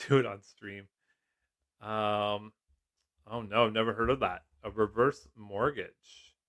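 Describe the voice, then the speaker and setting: Man, middle-aged, relaxed live-stream host who jokes and chats with viewers. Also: lowish voice, slow pace. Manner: chatty, jokey, laughs often, reads comments aloud. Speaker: livestream host. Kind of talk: casual live-stream chat.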